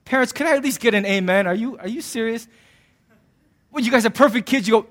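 A middle-aged man, a pastor, preaching a sermon in an animated, joking way and acting out voices. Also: extremely high pitch, fairly quick. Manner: animated, jokey, acts out voices.

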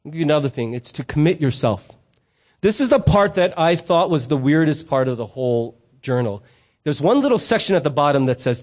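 A middle-aged man delivers a sermon in a relaxed, conversational way. His voice sits high and light for a man. He slips into stories and playful asides as he teaches. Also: fairly quick. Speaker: pastor.

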